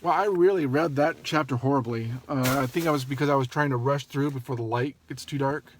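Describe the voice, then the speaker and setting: A man reads a story aloud and breaks off to chat casually, apologetic and quick to correct himself. His voice sits at an ordinary, middling pitch for a man. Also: slight background noise. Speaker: story reader.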